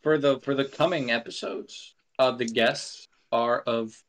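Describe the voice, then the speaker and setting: A man's voice: medium pitch, fairly even intonation, measured pace, fairly bright tone. A man hosting a podcast in casual chat, joking in a playful, dramatic way. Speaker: podcast host.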